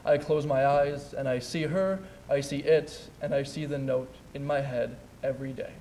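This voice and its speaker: A young man, a student, performing an emotional spoken word poem on a theatre stage, building to loud, intense peaks. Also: mid-range voice, fairly even intonation, moderate pace, slight background noise, rough recording. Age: young adult. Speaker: student speaker.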